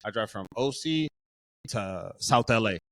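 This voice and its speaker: A man's voice: on the low side, unhurried, no room sound. Profane young man telling a rant. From Southern California. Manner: profane, animated storytelling, quotes himself. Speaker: podcast co-host. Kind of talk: casual storytelling.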